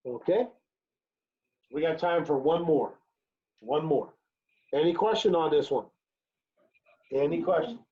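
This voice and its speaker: A man teaching an introductory chemistry lecture, repeating key phrases and checking in with "right?" as he works through examples. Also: a little high. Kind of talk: recorded online lecture. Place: home or classroom during remote teaching. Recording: dull lo-fi lecture recording.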